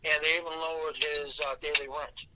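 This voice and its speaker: A man's voice: fairly high pitch, level tone, moderate pace, crowd noise, rough recording. A man on a call, explaining at length in a rambling way. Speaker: family caregiver. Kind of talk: phone conversation.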